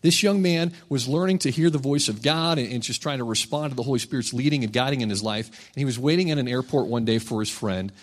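A man's voice: medium pitch, quick pace, hardly any pauses, in a large hall. A man preaching a sermon, telling stories and reading scripture in a casual, conversational way. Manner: conversational, animated when voicing characters in stories. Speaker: campus ministry preacher.

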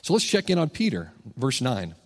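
A man's voice: medium pitch, normal speed, big-room sound. A man preaching a sermon, telling stories and reading scripture in a casual, conversational way. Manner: conversational, animated when voicing characters in stories. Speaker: campus ministry preacher.

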